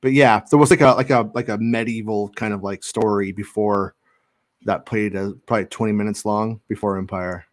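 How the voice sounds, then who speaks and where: A man's voice: on the low side, fairly even intonation, fairly quick, no echo. Rambling, joking man hosting a podcast. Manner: joking, rambling, many restarts. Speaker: podcast host. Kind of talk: casual chat.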